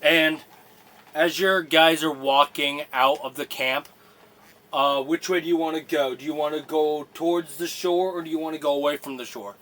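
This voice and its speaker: A man narrating a tabletop game as game master, in halting, rambling sentences full of fillers. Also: fairly high pitch, fairly even intonation, fairly bright tone.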